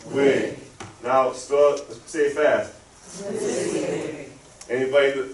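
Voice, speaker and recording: A man giving a live talk in a library, guiding the audience through a spelling drill in call-and-response style. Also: medium pitch. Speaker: guest speaker. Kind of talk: interactive spelling lesson. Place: library lecture room. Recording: roomy, from a distance, faint room hum.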